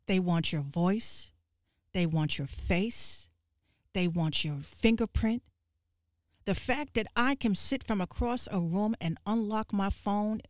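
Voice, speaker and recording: A woman podcast host ranting on a livestream, profane and fiery, with quick asides to her viewers. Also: mid-range voice, a little mellow, dry recording, studio quality. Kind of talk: livestream rant.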